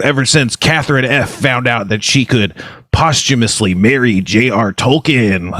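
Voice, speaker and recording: A man voicing a sleazy stoner morning shock jock, drawling slowly and stretching out his words. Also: mid-range voice, a bit bright, dry recording, clean studio sound. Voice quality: slow drawl, breathy held-breath delivery.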